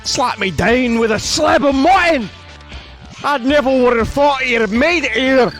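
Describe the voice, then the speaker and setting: A man voicing a blustering, burly, bearded male brute fighter in a put-on mix of Irish, Scottish and English accents, with a gravelly, boastful manner. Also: extremely high pitch, unhurried, a bit bright, soft background music, pitched above the performer's own voice. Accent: mock Irish-Scottish-English mix. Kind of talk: reading game dialogue aloud.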